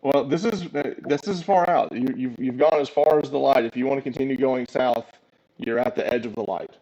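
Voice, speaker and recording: A man's voice: mid-range voice, a little fast, dark tone, dull audio, slight background noise. A man narrating a tabletop game as game master, with many ums and uhs. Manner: hesitant, filler-heavy narration.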